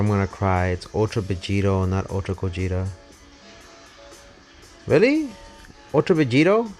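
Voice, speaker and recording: Excitable swearing man streaming a game. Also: mid-range voice. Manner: excitable, swearing, rambling, self-mocking. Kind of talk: casual live gameplay commentary. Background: faint game music.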